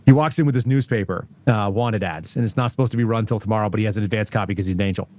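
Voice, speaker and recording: A man talking as a guest on a casual political talk show, rambling through anecdotes in an animated way. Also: fairly low pitch, very fast, no echo. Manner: rambling, animated storyteller with frequent laughs.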